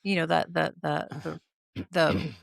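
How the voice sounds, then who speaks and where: Rambling woman co-host, lowish voice. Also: flat delivery, measured pace, vocal fry, no room sound, clean studio sound. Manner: rambling, many restarts. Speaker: podcast co-host. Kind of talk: casual podcast chat.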